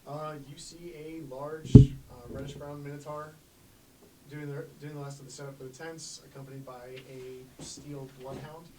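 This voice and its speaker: A man's voice: on the high side, little pitch movement, normal speed, distant mic, very noisy. A man playing a tabletop game, talking casually and with amusement. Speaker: player.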